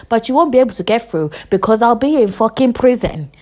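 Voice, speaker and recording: A woman in her twenties hosting a podcast, delivering a heated, profane rant full of repetition, with loud bursts and hushed asides. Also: fairly high pitch, fast talker. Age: 20s. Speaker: podcast host. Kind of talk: casual podcast monologue.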